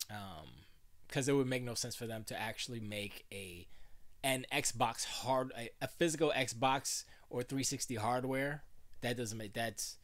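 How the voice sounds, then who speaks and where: A man's voice: mid-range voice, a bit bright. A self-described old man hosting a live stream from his home studio, chatting and rambling with many restarts. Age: older. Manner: rambling, full of restarts and playful voices. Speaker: livestream host. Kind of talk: casual livestream chat.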